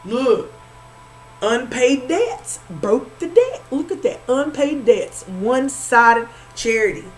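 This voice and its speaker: A woman's voice: a little high, big pitch swings, takes it slowly, faint music behind, rough recording. A woman, giving a casual spiritual reading in a conversational, repetitive and emphatic way. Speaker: spiritual reader.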